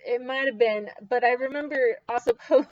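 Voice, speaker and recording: Animated high-pitched woman chatting about a book. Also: moderate pace. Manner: animated, acts out quoted characters, frequent laughs. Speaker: book discussion co-host. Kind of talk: casual book chat. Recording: dull lo-fi recording.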